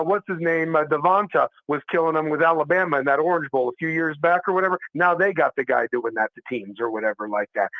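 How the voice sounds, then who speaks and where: A man's voice: a little high, dull audio. A man co-hosting a live sports talk show, ranting hard about his team, swearing a lot and stumbling over repeated words as he trash-talks. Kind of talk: heated fan rant on a live show.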